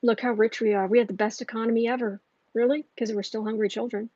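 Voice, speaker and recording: A woman's voice: a little high, steady tone, fast, a little mellow, no room sound, highs cut off. A woman hosting a livestream tarot reading, heated and ranting, often restarting her sentences. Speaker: tarot reader and channel host.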